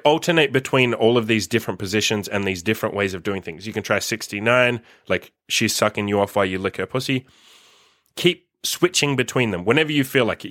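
A man's voice: on the low side, a bit bright, dry recording, studio quality. A man hosting a podcast, giving blunt advice in a casual, frank monologue full of "like" fillers. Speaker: podcast host.

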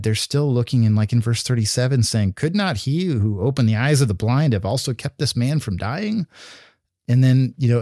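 Earnest man preaching, mellow and dry. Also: mid-range voice, no echo. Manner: earnest, conversational, with fillers and restarts. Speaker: pastor. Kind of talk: sermon.

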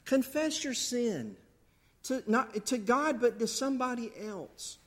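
A middle-aged man preaching a sermon, swinging between loud fervent bursts and soft intimate asides. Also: very high-pitched, lively intonation, slow pace. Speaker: pastor.

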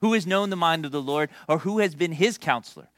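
A young man preaching a sermon in a conversational, animated way, with storytelling and asides to the congregation. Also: fairly high pitch, a little fast, no echo, studio quality. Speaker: pastor.

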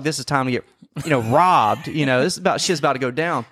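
A man telling a story in casual podcast chat, swearing often and acting out quoted lines loudly. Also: on the high side, a little fast, dry recording. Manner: profane, animated, acts out quotes loudly. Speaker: podcast co-host.

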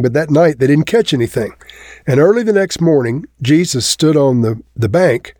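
A man's voice: warm tone, no echo. Male preacher, conversational sermon delivery, dry close-mic sound. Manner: conversational, lifts pitch for quoted lines.

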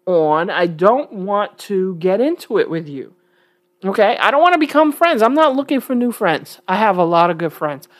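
A woman from New York talking casually to her viewers, blunt and emphatic, with frequent chuckles. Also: on the high side. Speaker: vlogger. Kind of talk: casual talk to camera.

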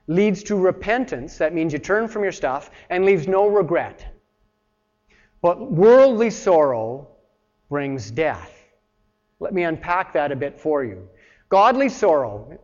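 A man preaching a sermon in an earnest, plain-spoken way, talking straight to his listeners and acting out voices when he quotes someone. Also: high voice. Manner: acts out voices when quoting. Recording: dull sound with long reverb.

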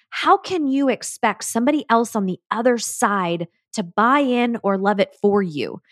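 An enthusiastic woman, who is a podcast host and business coach, speaks alone on her podcast with emphatic, motivational energy. Her voice is a little high and captured dry and close, with no surrounding room sound.

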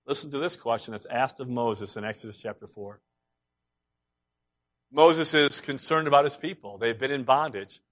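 A man preaching a sermon, emphatic, swinging between loud, urgent passages and hushed ones. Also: mid-range voice, moderate pace.

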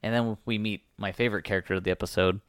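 A man's voice: lowish voice, steady tone, racing, clean tone, no room sound, clean studio sound. A man co-hosting a podcast, chatting laid-back with joking asides while recapping a cartoon. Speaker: podcast co-host.

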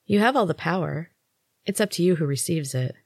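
A woman voicing a secretive young female servant who talks in a hushed, hurried way. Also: on the low side, expressive, no room sound, clean studio sound.

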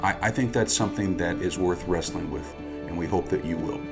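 A man's voice: low-pitched, fairly quick, vocal fry, loud music behind the voice. A man co-hosting a podcast, talking in an earnest, reflective way and often restarting his phrases. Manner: earnest, with frequent restarts and repeated words. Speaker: podcast co-host. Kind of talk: reflective conversational podcast talk.

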